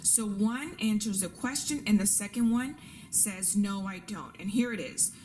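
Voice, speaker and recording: A woman's voice: mid-range voice, a little slow, darkish tone, a little hiss or hum. A woman teaching a lesson, patiently repeating rules and examples and checking in with her students. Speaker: Spanish teacher. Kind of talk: classroom lesson with slides.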